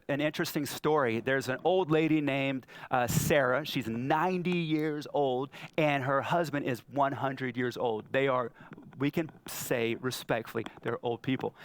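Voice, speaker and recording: A man preaching a sermon as pastor, telling Bible stories in an animated way and acting out the figures. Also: mid-range voice, dry recording. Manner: animated storytelling, acting out scripture.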